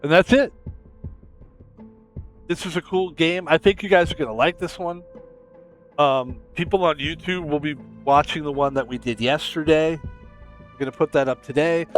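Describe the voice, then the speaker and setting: American male streamer, casual rambling self-promoter, a bit high-voiced. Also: moderate pace, long pauses, soft background music. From United States.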